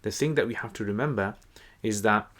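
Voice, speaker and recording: A man explains a text in a relaxed, conversational teaching manner. His voice sits a little low, and he pauses often with fillers and restarts mid-sentence. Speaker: Quran teacher. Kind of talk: casual explanatory lesson.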